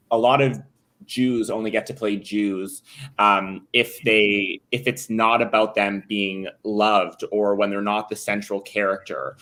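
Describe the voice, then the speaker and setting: A man's voice: lowish voice, fairly bright tone. A man speaking as a panelist in a discussion, thoughtful and a little hesitant.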